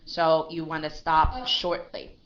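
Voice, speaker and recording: A woman's voice: sits low, lively intonation, slow pace, fairly bright tone, muffled recording. A woman teaching pronunciation in a live lesson, patiently correcting a learner and often checking in with "okay?" and "right?".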